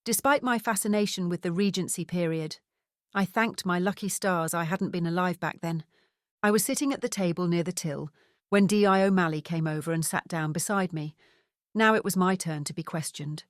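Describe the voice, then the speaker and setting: A woman reading a mystery audiobook in the first person, with a measured, wry storytelling manner. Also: lowish voice, dry recording, studio quality. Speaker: audiobook narrator.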